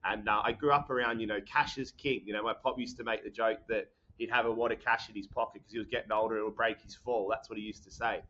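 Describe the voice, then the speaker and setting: A young Australian man, a podcast guest, talking in an energetic, rambling way with lots of fillers. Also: on the low side, fast, hardly any pauses, highs cut off. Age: young adult. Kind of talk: casual podcast chat.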